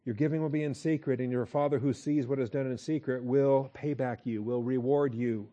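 A man leads a verse-by-verse Bible study in a warm, mellow voice. He talks conversationally, checking in with his listeners and slowing down to repeat key points. His pitch sits in the middle range. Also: steady tone, muffled recording. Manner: conversational, with frequent "okay?" check-ins and slow emphatic repeats. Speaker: pastor.

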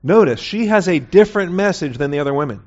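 A man teaches a Bible lesson verse by verse in a relaxed, conversational way. He keeps pausing to check that his listeners follow. The recording sounds dull and lo-fi. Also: a little high. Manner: conversational, checks in with "okay?" often.

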